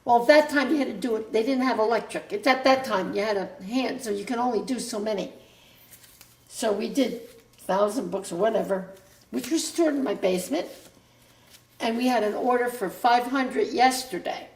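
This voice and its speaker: An older woman with a fairly high voice reminisces about her family's history to her adult child, speaking at a normal pace in a reverberant space. She rambles casually, often stopping mid-sentence to begin again.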